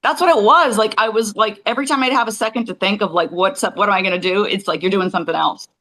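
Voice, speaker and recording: Animated rambling woman in casual chat. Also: medium pitch, quick pace, low-quality recording. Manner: rambling, animated, acts out quoted voices. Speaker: podcast co-host.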